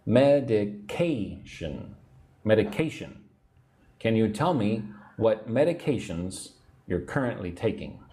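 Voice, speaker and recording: Lively-pitched man teaching English live. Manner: chatty, reads viewer comments aloud, slow drilled pronunciation. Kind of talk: livestream English lesson.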